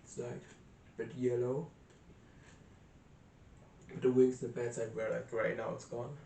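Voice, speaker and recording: A man's voice: mid-range voice, little pitch movement, measured pace, gravelly, mellow, roomy sound, far from the mic, slight background noise. A young man rambling casually in a vlog, hesitant, with many restarts and fillers, in a small room. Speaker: vlogger. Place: small room indoors by a window. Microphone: camera set up close in a cramped room.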